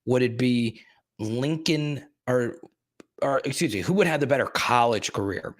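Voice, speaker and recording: Male stream host, mid pitch, excitable, talks straight to the chat and repeats himself. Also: unhurried. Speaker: sports live stream host. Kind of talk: casual live stream chat.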